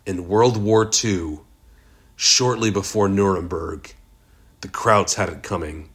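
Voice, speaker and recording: Man doing a calm, menacing barkeep. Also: deep voice, takes it slowly, husky, full character voice. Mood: calm menace. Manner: matter-of-fact, methodical. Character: sinister male barkeep, calm and methodical killer.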